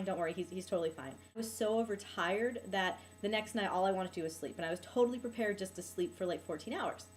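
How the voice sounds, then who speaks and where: Exasperated young woman venting. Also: mid-range voice. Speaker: vlogger. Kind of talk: casual vlog monologue.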